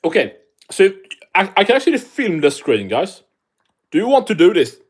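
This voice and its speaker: A man's voice: high-pitched, wildly swooping pitch, normal speed, husky. A man from Sweden, hosting a casual live stream, chatting and reading the chat aloud while swearing freely.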